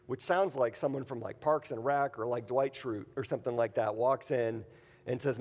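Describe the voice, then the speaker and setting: A man's voice: mid-range voice, brisk, darkish tone. A man preaching a conversational sermon, mixing scripture reading with jokey everyday stories. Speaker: pastor. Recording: long hall reverb.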